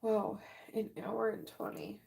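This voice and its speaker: A woman in her late twenties chatting casually with viewers while she paints on a livestream. She is relaxed and talks at an easy pace, yawning often as she answers the chat. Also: mid-range voice, measured pace, vocal fry. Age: late 20s. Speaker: livestream artist. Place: art room at home.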